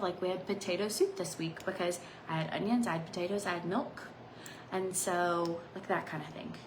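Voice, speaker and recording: Rambling through her makeup vlog with plenty of asides, this woman in her thirties often lets her phrases trail off into a soft near-whisper. Her voice is lowish, and the rough recording carries slight background noise.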